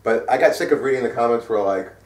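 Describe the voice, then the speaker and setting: A man's voice: medium pitch, fast. Rambling middle-aged man in a roomy space. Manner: rambling, profane, many fillers. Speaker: co-host. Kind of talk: casual metal news chat. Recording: roomy sound from a distant mic.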